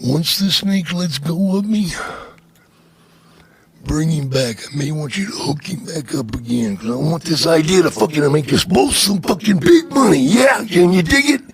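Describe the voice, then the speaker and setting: A man impersonating a loud, gravelly wrestler who shouts his orders. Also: a little high, animated, moderate pace, exaggerated voice. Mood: scheming. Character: loud gravelly male wrestler, intense and menacing. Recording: played clip from an interview show.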